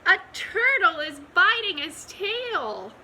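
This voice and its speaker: A woman's voice: extremely high pitch, big pitch swings, slow, sharp tone, a little hiss or hum, pitched above the performer's own voice, full character voice. A woman voicing a small, grumpy male pig who loves mud, with an indignant, squealing manner. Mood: alarmed.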